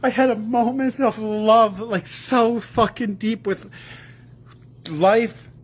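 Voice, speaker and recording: Tearful high-voiced man crying. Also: steady tone, takes it slowly. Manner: rambling and profane, voice breaking. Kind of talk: emotional confessional video.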